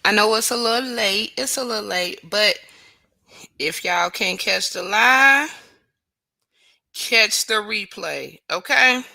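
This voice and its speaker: A woman's voice: mid-range voice, takes it slowly, creaky, pauses often, bright, forceful tone, no echo. A woman hosting a casual livestream, greeting viewers by name and praising God often. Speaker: livestream host.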